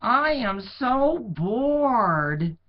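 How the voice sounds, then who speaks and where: A man's voice: extremely high pitch, big pitch swings, pitched above the performer's own voice, heavily acted. A man voicing a bored young shepherd boy in a storybook reading, drawing out his complaints. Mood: bored whine. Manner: drawn-out, exaggerated complaining. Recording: dull lo-fi recording.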